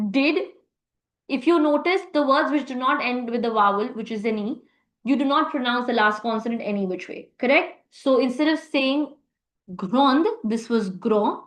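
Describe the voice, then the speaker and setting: A woman's voice: high-pitched, fairly bright tone, roomy sound, poor audio. A woman teaching a live online French class, encouraging students and praising them often. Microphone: video call.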